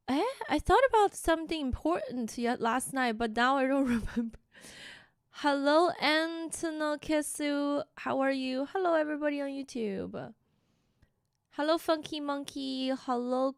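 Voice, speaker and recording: A woman's voice: sits high, creaky, no echo, studio quality. A young woman streaming live, chatting casually and greeting viewers one by one by name.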